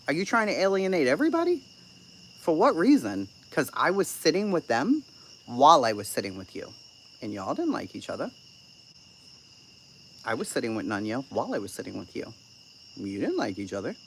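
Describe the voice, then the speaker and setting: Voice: mid-range voice, sing-song, moderate pace, pauses often, slight background noise. Blunt, sarcastic live-stream host. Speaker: channel host reading live chat. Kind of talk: casual live-stream commentary.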